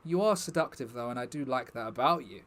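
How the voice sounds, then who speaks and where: A man's voice: medium pitch, expressive, quick pace, a bit bright. A young man chatting casually to his stream viewers, rambling and joking with the chat.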